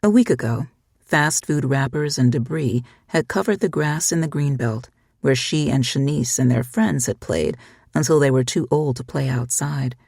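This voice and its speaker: A husky-voiced narrator reading a story aloud in a steady, measured way. The sound is dry and close, with no room around it. The pitch sits in the middle range. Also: no room sound. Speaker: audiobook narrator. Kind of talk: scripted narration.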